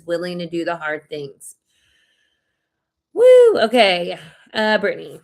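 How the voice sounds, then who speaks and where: A woman giving a live tarot reading, sad and near tears, talking in a heartfelt, emotional way. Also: lowish voice. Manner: emotional, heartfelt, spiritual pep-talk. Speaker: tarot reader.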